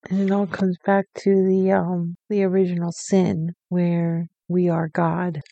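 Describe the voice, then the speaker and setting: A woman's voice: on the low side, flat delivery, creaky, warm tone, no echo, muffled recording. A woman co-hosting a podcast, chatting about a book and agreeing often. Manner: agreeable, quick affirmations. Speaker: podcast co-host. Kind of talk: casual book discussion.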